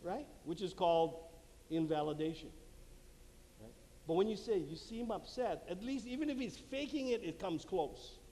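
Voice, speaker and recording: In a church hall, a man with a high-pitched, animated, warm voice speaks at normal speed to a live marriage conference audience. He laughs at his own jokes and acts out little quotes throughout his lively talk. Recorded on a handheld mic, with long hall reverb and faint room noise.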